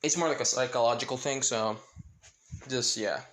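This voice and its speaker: A man's voice: mid-range voice, normal speed, fairly bright tone. A man casually narrating a fan-fiction story, rambling with many fillers and side comments. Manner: rambling, filler-heavy asides.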